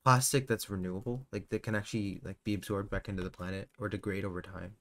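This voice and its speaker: A man's voice: fairly low pitch, steady tone. A man co-hosting a casual group podcast, arguing his points and teasing the others. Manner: joking, argumentative, quick to tease. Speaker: podcast co-host.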